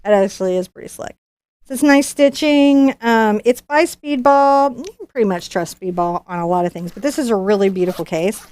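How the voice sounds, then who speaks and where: A chatty, bubbly woman artist who hosts a live unboxing stream and talks casually to viewers. Her voice sits a little high and sounds dry and close, with no room echo. She often stumbles into restarts as she talks. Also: normal speed, darkish tone. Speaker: professional artist and channel host.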